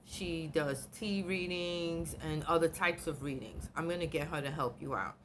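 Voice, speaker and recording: A woman voicing her calm, caring mother in a soft, reassuring way. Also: sits low, normal speed, a little hiss or hum, lightly acted.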